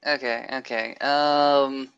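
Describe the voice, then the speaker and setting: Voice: medium pitch, fairly even intonation, a bit bright, smooth, dry recording, dull audio. A game master running a tabletop role-playing game, talking casually and wryly. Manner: casual, wry, quick asides. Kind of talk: tabletop role-play narration and in-character talk.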